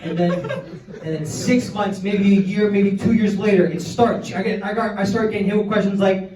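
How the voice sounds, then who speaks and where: A man's voice: sits high, steady tone, moderate pace, a crowd in the background. A young man in his twenties from Canada, doing a crude, rambling stand-up set full of fillers. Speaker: stand-up comedian. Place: comedy club stage. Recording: roomy club sound from far off. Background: audience laughter.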